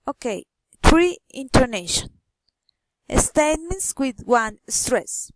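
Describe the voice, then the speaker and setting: A woman reading pronunciation drills aloud, slow and deliberate. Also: high-pitched, lively intonation, dry recording, poor audio. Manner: slow, careful, deliberate reading of words and sentences. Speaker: phonetics student.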